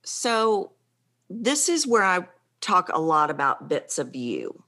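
A woman's voice: lowish voice, sing-song, slow pace, sharp tone. A woman speaking as a vocal coach in an interview, talking animatedly and acting out the voices in her examples. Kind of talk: conversational interview.

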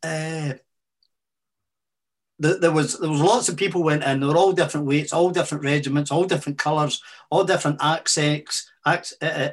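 A man in his sixties with a Fife Scottish accent, telling army boxing stories as a guest in a casual interview, with halting restarts and broad Scots words. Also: a little high. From Scotland.

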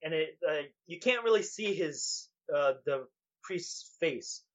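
A man's voice: a little high, expressive, takes it slowly. A man narrating a tabletop game as game master in a laid-back, hesitant way with many fillers.

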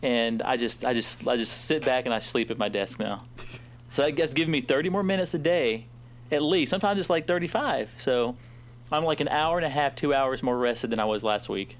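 A man co-hosting a casual podcast, talking in an excitable, joking way and laughing often. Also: medium pitch, fairly quick. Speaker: podcast co-host.

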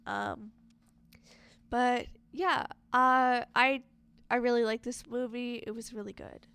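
A woman's voice: a little high, steady tone, slow, a bit bright, clear, resonant tone. A young woman casually discussing a movie, chatty and full of filler words.

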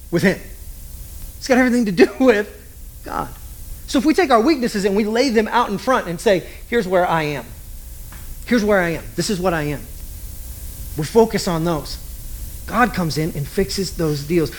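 A man preaching a sermon as a pastor, conversational and joking, throwing rhetorical questions at the congregation. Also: sits high.

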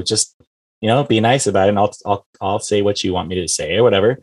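Host guy with a lowish voice, rambles, does little voices for people he quotes. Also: steady tone, quick pace. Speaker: podcast host. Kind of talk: casual chat.

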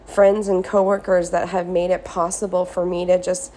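This podcast host has a fairly low, dark voice with a level tone and moderate pace. Alone in a beach resort hotel room, she records a reflective monologue on her phone, earnest and casual, leaning heavily on "like".

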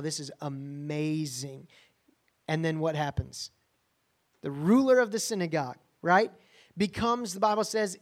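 A man preaching a sermon in a conversational, emphatic way, often checking in with the listeners. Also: on the high side. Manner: emphatic, conversational, frequent "right?" asides. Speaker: pastor.

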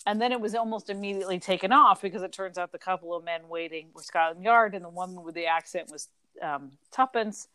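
A young adult woman co-hosting a casual book chat, animated and full of fillers. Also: fairly low pitch, quick pace, dry recording. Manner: chatty, animated, lots of fillers. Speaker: podcast co-host.

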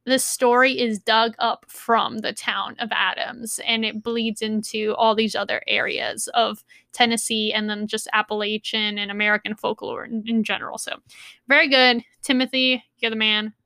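A young adult woman co-hosting a podcast in casual chat, upbeat and quick to agree. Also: fairly high pitch, level tone, creaky, bright, forceful tone, no room sound. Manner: upbeat, agreeable, lots of "mm-hmm" and "yes". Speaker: podcast co-host.

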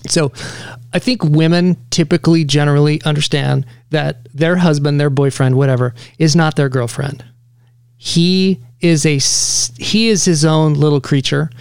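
A man co-hosting a podcast, talking casually and pausing to pick his words with care. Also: fairly high pitch, fairly even intonation, creaky, darkish tone, smooth, dry recording, clean studio sound. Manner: careful, searching for the right words. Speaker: podcast co-host.

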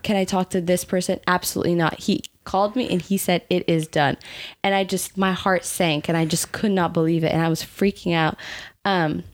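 A young woman casually telling a personal story with her husband, animated, laughing often and full of fillers. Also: on the low side, moderate pace. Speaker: co-host.

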